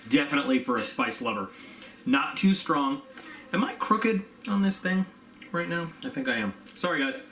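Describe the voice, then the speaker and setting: In a chatty, rambling unboxing review full of fillers, a man sometimes talks while chewing. His voice is a little high, sing-song, and slightly bright at normal speed, recorded in an echoey room with a faint hum in the background.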